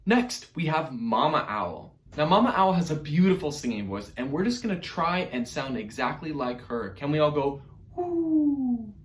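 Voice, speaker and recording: A man teaching an online music lesson to young children, upbeat and encouraging, sometimes demonstrating hoots and squeaky voices. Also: big pitch swings, moderate pace, hardly any pauses, echoey room.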